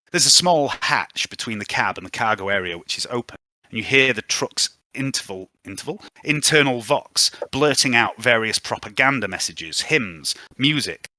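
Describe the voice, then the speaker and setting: A man's voice: fairly low pitch, pushed and bright, no echo, clean studio sound. A man narrating a tabletop game as game master, in an ominous, theatrical storytelling manner.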